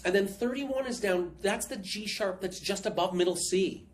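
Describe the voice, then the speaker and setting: Over a video call, a woman teaches piano at a moderate pace in a medium-pitched voice. She stays patient and encouraging, counting out the beats and scatting the rhythms as part of the online music lesson.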